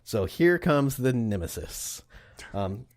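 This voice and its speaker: A man's voice: medium pitch, very animated, takes it slowly, a little mellow, no room sound, clean studio sound. A man co-hosting a podcast, casually telling an odd history story with lots of jokes, swearing and laughter. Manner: profane, jokey, laughs often. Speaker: podcast co-host. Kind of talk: casual comedic history chat.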